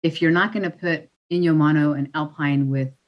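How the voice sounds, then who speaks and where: A woman's voice: low voice, steady tone, normal speed, lo-fi sound. A woman commissioner speaking in a public meeting, thoughtful and plainspoken. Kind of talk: meeting discussion.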